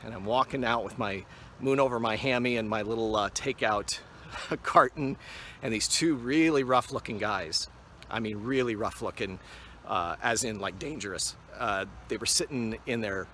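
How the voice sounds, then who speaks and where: A man in his fifties, a TV weather forecaster, giving a relaxed acceptance speech full of anecdotes, recorded on a phone on a selfie stick outdoors on a mountain. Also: medium pitch, a little hiss or hum. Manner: relaxed storyteller with frequent "uh". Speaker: award honoree, TV weather forecaster.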